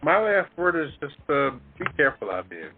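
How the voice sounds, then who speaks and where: A man's voice: on the high side, very animated, brisk. A man co-hosting a casual talk show, laid-back and earnest. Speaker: co-host. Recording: tinny phone-line audio, faint music.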